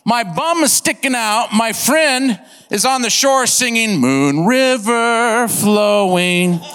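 A man preaching a sermon, telling a funny story in an animated, comic way and acting out sound effects. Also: high-pitched, smooth, in a large hall. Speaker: pastor. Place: church.

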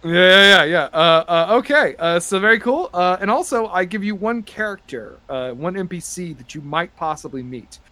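A man narrating and chatting as game master on a tabletop podcast, rambling with many fillers and getting excited. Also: high voice, normal speed, hardly any pauses, no room sound.

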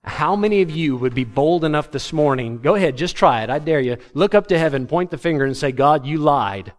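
A man preaching a sermon to his congregation, animated and humorous, acting out the words of biblical figures. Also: fairly high pitch, quick pace. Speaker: pastor.

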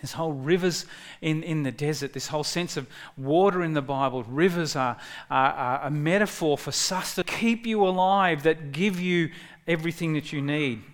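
A man preaching a sermon in a conversational way, with frequent restarts and bursts of excitement when quoting. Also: a little high, normal speed. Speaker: pastor.

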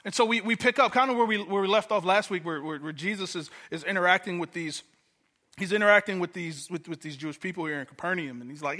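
Guest pastor from Detroit, man, bright and slightly high, chatty sermon delivery. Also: fast. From Detroit, USA. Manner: conversational, repeats words when starting a thought.

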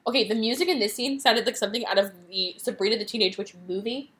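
A woman hosting a podcast, retelling a movie plot in casual, quick chat and acting out the characters' lines. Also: on the high side. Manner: animated, quick retelling with acted-out quotes. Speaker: podcast host.

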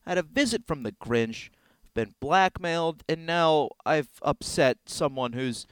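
A man's voice: fairly high pitch, animated, measured pace, clean tone, dry recording. A man hosting a comedy podcast, talking with exasperated, theatrical outbursts. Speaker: podcast host. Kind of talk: comedic sketch.

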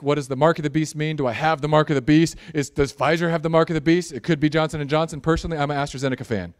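A man preaching a sermon, animated and jokey, building in intensity at times. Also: a little high, clear, resonant tone. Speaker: pastor.

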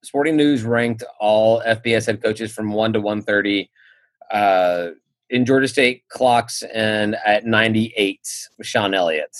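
A man's voice: lowish voice, unhurried, no echo. A man hosting a casual podcast chat, steering topics and laughing often. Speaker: podcast host.

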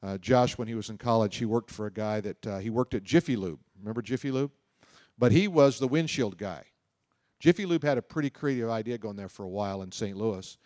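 A man's voice: lowish voice, a little fast, a little mellow, no echo, clean studio sound. A middle-aged man preaching a sermon in a loose, conversational storytelling way, often repeating himself and adding asides. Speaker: pastor. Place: church auditorium.

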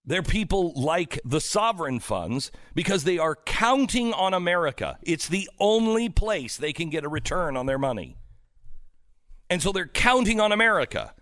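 A man's voice: a little high, very animated, moderate pace, no room sound. Fervent talk-radio man, dry studio sound. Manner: fervent, preachy, swings from shouting to hushed. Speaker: radio host. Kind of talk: impassioned political talk radio monologue.

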